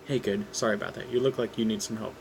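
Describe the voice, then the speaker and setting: A man reading a fan script aloud and voicing a calm, steady male vigilante lawyer. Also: on the low side, quick pace, vocal fry, noisy background.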